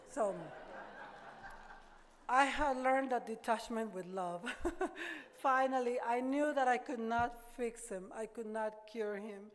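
An older woman giving an earnest, halting personal testimony at a recovery meeting, often repeating words as she gathers her thoughts. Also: fairly high pitch. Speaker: speaker sharing her recovery story. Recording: reverberant hall.

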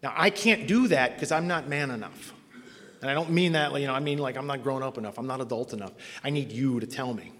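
A middle-aged man telling a story to an audience, animated and self-mocking, acting out other people's voices in his quotes. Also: medium pitch, fairly quick, in a large hall. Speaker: speaker sharing a recovery story.

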